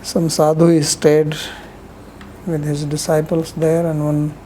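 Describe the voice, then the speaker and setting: A woman's voice: low voice, monotone, takes it slowly, warm tone, slight background noise, poor audio. A woman giving a rambling, conversational scripture lecture, telling stories with frequent asides.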